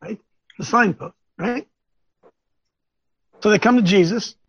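A man hosting a Bible teaching show, preaching informally to camera in an animated, rambling way with folksy asides. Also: sits high, slow, gravelly, slightly rough, dull audio. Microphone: on camera, wearing glasses.

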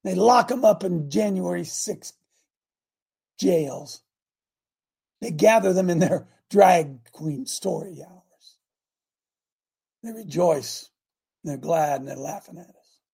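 A man hosting a preaching broadcast, reading scripture aloud and breaking into fiery, animated asides. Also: sits high, slow pace, vocal fry, pauses often, slightly rough. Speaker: radio preacher host.

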